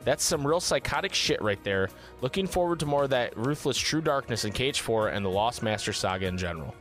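A man's voice: medium pitch, animated, brisk, fairly bright tone, soft background music. A man co-hosting a casual gaming podcast, reading viewer comments aloud and riffing on them. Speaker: podcast co-host reading chat.

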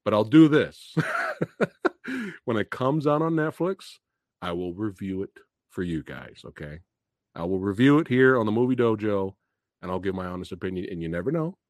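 A man hosting a live stream, reacting to movie trailers in a profane, animated way, laughing and booing. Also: on the low side, moderate pace, no room sound, studio quality.

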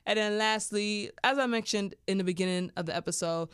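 A woman's voice: medium pitch, a little fast, a bit bright, clear, resonant tone, no room sound, clean studio sound. A woman hosting her own podcast, talking frankly and casually, with lots of fillers. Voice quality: chatty, blunt, full of fillers. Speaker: podcast host.

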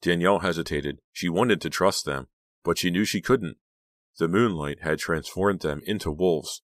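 A man narrating a horror audiobook in a steady, measured reading. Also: deep voice, dry recording, studio quality. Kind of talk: scripted narration.

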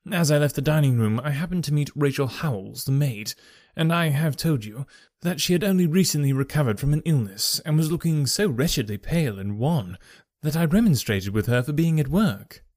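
A man narrating a story aloud in a measured, formal storytelling manner. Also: a little high, animated, a little mellow, dry recording, studio quality. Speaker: audiobook narrator. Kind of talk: scripted narration.

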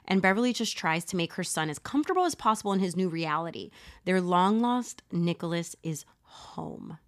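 A woman's voice: lowish voice, expressive, normal speed. A woman hosting a podcast, casually telling a true crime story with profanity and laughs. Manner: profane, laughing, conversational narration.

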